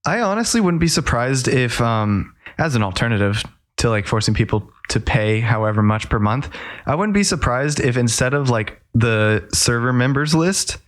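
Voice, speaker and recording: Guy on a gaming podcast, mid voice, gets lively explaining stuff, swears casually. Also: mid-range voice, normal speed. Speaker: podcast co-host. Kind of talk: casual chat.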